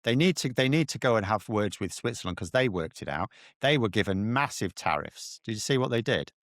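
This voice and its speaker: A man's voice: fairly low pitch, lively intonation, fairly quick, a bit bright, no room sound, clean studio sound. A British man giving casual political analysis, talking bluntly and animatedly with slangy asides. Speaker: political commentator.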